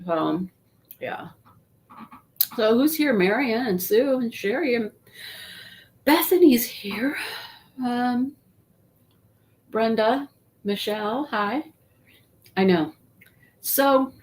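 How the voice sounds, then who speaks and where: A woman's voice: on the high side, lively intonation, slow, pauses often, a little mellow. A woman chatting casually to viewers on a live stream, rambling and greeting people by name, while congested from a sinus infection. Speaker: YouTube livestream host.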